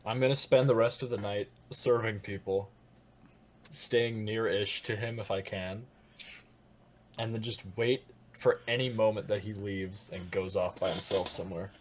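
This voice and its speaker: A man's voice: lowish voice, fairly even intonation, normal speed, a little hiss or hum. A man playing in a tabletop game, chatting casually and laughing easily. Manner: laid-back, laughs easily. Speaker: player.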